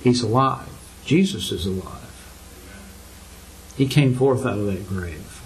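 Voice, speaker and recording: A man's voice: on the low side, lively intonation, slow, a little hiss or hum, poor audio. An older man preaching a sermon to his congregation, earnest and full of rhetorical questions, his voice climbing for emphasis.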